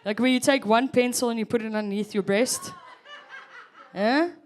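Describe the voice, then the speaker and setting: A woman's voice: on the high side, moderate pace, a little hiss or hum. A South African woman in her thirties performing a chatty stand-up set, teasing the audience. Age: 30s. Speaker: stand-up comedian.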